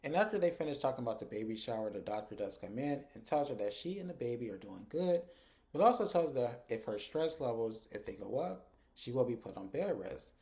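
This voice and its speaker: A man recaps a TV episode in a casual, chatty way. His mellow, warm voice swings up and down a lot. He throws in animated asides as he retells each scene. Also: medium pitch, fairly quick. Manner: animated retelling, acting out characters' lines with asides.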